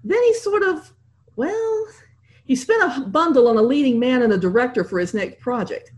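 Woman as a breezy young actress, light, lively pitch. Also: moderate pace, dull audio. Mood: anxious.

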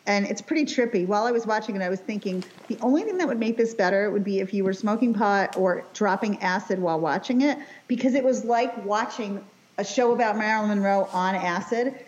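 A woman's voice: medium pitch, a little fast, darkish tone, muffled recording. A woman co-hosting a casual local show, telling stories with a laugh and acting out quotes. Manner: chatty, laughing storyteller who acts out quotes. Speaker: co-host. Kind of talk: casual chat.

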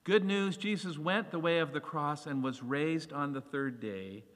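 Man preaching, animated, bright ringing voice, slightly high, long hall echo. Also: unhurried. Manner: animated, acts out the voices of scripture. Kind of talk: sermon.

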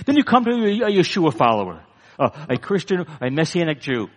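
A man preaching a sermon, emphatic, swinging from high bursts down to low, weighty lines. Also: very animated, a little fast. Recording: long hall reverb.

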